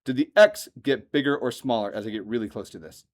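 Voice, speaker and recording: A man teaching a math lesson to a classroom, lively and joking, often asking the students questions. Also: mid-range voice, fast. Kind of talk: classroom lecture.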